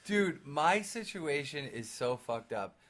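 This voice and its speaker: A man's voice: fairly high pitch, slow. A man co-hosting a casual podcast chat, talking bluntly with lots of swearing. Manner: profane, blunt, animated storytelling. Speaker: podcast co-host.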